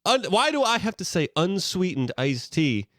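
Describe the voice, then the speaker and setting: A man riffing on a casual podcast, his pitch leaping around as he gets worked up. He rants with real comic exasperation and laughs often. The sound is dry and close. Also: moderate pace, dry recording. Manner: ranting, animated, laughs often. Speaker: podcast co-host. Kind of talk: casual banter.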